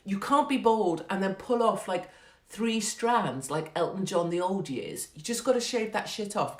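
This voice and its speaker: Brash sweary woman ranting. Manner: mocking mimicry with high squeals. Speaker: livestream host. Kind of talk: casual ranting livestream chat. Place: home room, livestream. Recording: echoey room sound.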